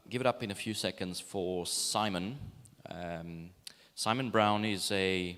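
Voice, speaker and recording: A man's voice: medium pitch, pushed and bright, smooth. A man from Greece introducing a keynote speaker, joking and telling a story about him. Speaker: event host. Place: large conference hall. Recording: hall reverb from stage mic.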